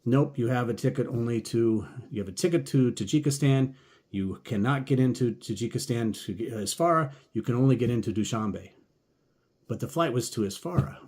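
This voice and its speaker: A man's voice: mid-range voice, normal speed, a little mellow, breathy edge. A man casually telling a travel story as a podcast host, acting out both sides of the conversations.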